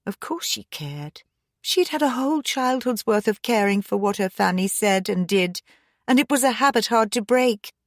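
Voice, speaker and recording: A woman narrating a mystery audiobook in a steady, measured manner. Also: mid-range voice, no room sound, clean studio sound. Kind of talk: scripted narration.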